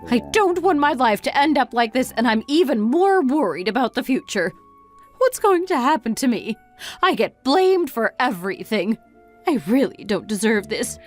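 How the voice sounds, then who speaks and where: An exasperated middle-aged mother who complains in rapid-fire questions, as a woman plays her. Her pitch sits a little high and swings widely from line to line. Soft music plays faintly behind this dramatized family story. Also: big pitch swings. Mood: self-pitying.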